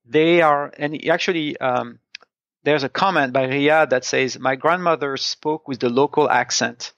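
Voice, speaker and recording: A man's voice: fairly high pitch, fairly even intonation, a little slow, a bit bright, no room sound. A man from France, a native French speaker, co-hosting a casual comics review podcast and explaining points thoughtfully, with many restarts. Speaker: podcast co-host. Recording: dull, dry sound.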